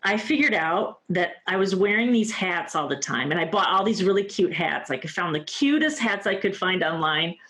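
Earnest woman in her fifties, lower voice. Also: lively intonation, normal speed, few pauses, fairly bright tone. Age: 50s. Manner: earnest, heartfelt, many fillers like "you know". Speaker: interview guest. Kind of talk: candid personal storytelling.

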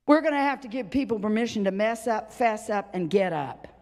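A woman's voice: mid-range voice, expressive, a little fast, darkish tone. A woman preacher delivering an impassioned, dramatic sermon. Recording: reverberant hall.

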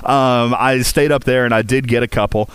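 A man's voice: mid-range voice, fairly even intonation, normal speed, smooth, dry recording. A man hosting a game community voice chat, talking casually with lots of fillers, restarts and jokes. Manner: chatty, jokey, heavy fillers and restarts. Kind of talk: casual rambling talk to listeners.

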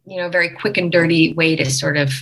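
A woman from Long Island speaks as a dialect coach in a podcast interview. Her voice sits a little low yet rings bright and forceful. She explains things in an animated, teacherly way. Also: fast talker, rough recording. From Long Island, New York.

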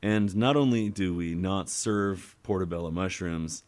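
Deep-voiced and speaking a little slowly, this podcast guest swaps lively restaurant tales during a casual chat over beers, playing the parts of the customers himself.

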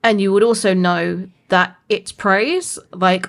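A woman's voice: medium pitch, steady tone, slow. A woman from England with a Somerset accent, co-hosting a podcast in casual chat and laughing often. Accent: Somerset English. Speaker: podcast co-host.

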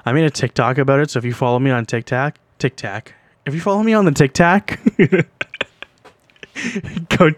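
A man's voice: medium pitch, dry recording. Young male podcast host, casual storyteller, crude and rambling, dry close sound. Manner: rambling, profane, laughs while telling.

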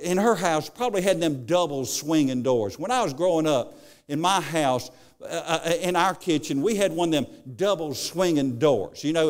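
A male preacher giving a sermon, telling stories and often repeating his words as he goes. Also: on the high side.

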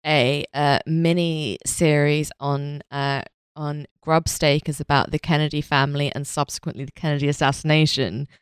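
A man's voice: a little high, little pitch movement, normal speed, few pauses, smooth, no echo. Dry-witted man cracking jokes. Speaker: podcast co-host. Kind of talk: casual chat.

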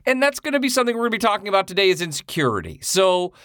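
A man co-hosting a podcast over a video call, talking in an excitable, rambling, joking way. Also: high voice, rapid-fire, clean tone, no echo, studio quality. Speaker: podcast co-host. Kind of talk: casual chat.

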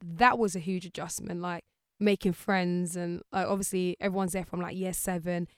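Chatting casually as an interview guest, a woman brings lively energy and performs the voices of those she quotes. She speaks at normal speed in a smooth, fairly low voice, captured in a dry, clean studio recording.

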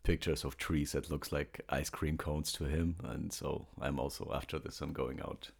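Male co-host, extremely deep and gravelly, dry teasing humor. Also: steady tone, normal speed. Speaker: podcast co-host. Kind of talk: casual comedy podcast chat.

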